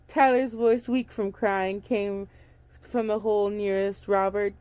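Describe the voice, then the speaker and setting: A young woman with a medium-pitched, darkish, steady voice reads a story aloud at a measured pace, with no room sound. As a casual audiobook reader, she stumbles, restarts, and breaks off for chatty commentary.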